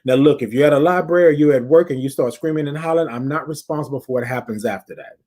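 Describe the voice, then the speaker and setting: A man hosts a casual podcast check-in and counts his listeners through breathing exercises. He speaks in a slightly higher register than most men. His delivery is upbeat and direct, full of repeated phrases aimed at the audience. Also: fast talker, a little mellow. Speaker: podcast host.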